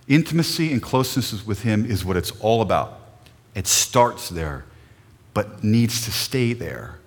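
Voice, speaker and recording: A man's voice: on the low side, big pitch swings, a little slow, big-room sound. A middle-aged male pastor preaching a sermon in an earnest, emotional way, often putting questions to the congregation.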